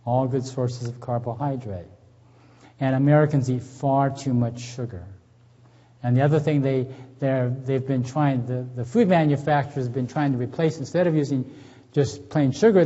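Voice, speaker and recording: A man's voice: medium pitch, moderate pace, mellow. A middle-aged man giving a health seminar at a church, chatty and folksy, quizzing the audience and telling jokes. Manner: folksy, asks the audience questions, tells jokes. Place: church hall with a live audience. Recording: dull lo-fi recording in a reverberant hall.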